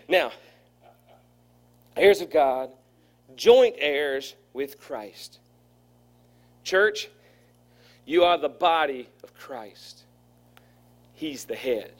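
A fairly high-voiced man preaches to his congregation. His delivery is folksy and playful, and he slips into quick voices for the figures in his stories. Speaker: pastor. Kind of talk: sermon.

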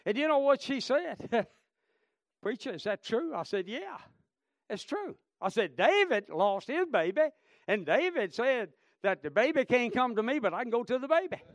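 A man preaching a revival sermon, swinging between shouted praise and hushed storytelling. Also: very high voice, big pitch swings, normal speed, dry recording. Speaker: traveling preacher.

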